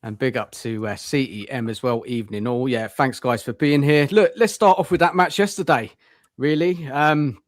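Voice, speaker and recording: Chummy podcast host. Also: male voice, medium pitch, moderate pace, no echo, clean studio sound. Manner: chummy, welcoming. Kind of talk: casual football chat.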